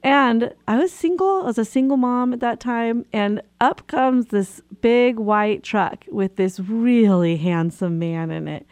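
A woman's voice: a little high, a little slow, few pauses, no echo. A woman radio host and therapist telling a personal story in a casual way, laughing often as she talks. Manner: laughs often while telling stories, animated. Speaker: radio show host and marriage and family therapist.

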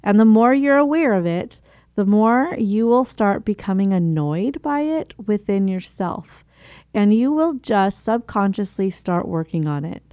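A woman's voice: mid-range voice, warm tone, no room sound. A woman hosting a casual self-help talk who coaches listeners, laughs at herself between remarks and admits to her own struggles. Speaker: host giving self-help advice.

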